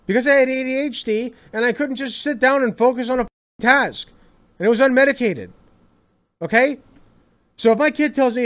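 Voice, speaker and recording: A young man reacting to a clip in casual commentary, his voice sitting high and leaping around with animation. He sounds exasperated, swears freely and hammers his points by repeating them. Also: animated, fairly quick, pushed and bright.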